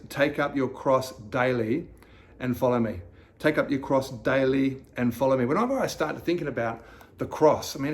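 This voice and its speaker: A man giving a slow, reflective devotional sermon as a pastor, reading scripture aloud and asking the listener questions. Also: medium pitch.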